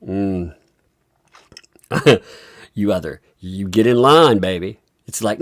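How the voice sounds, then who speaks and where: A woman's voice: a bass voice, wildly swooping pitch, slow pace, gravelly, long pauses. A woman hosting a live stream, giving casual, amused and mocking gossip commentary. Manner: amused, mocking, laughing often. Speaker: livestream host.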